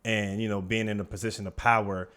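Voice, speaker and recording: A man's voice: fairly low pitch, level tone, fast talker, fairly bright tone. A man co-hosting a podcast, speaking thoughtfully in casual discussion. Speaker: podcast co-host.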